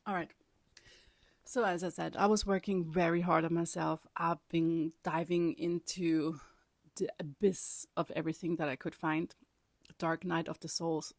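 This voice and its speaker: A woman talking straight to her viewers in a vlog, rambling and animated. Her voice sits on the low side and sounds dry and close. She laughs often and sometimes drops into a whisper. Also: unhurried, no echo. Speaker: vlogger. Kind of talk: casual personal storytelling.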